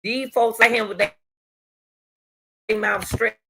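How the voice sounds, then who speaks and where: A middle-aged woman hosting her own commentary channel, with a bright, forceful voice. She repeats her points over and over and cries out to the Lord as she speaks. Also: a little high, fairly even intonation, slow, breathy edge. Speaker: commentary host and track coach. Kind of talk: emotional commentary talk.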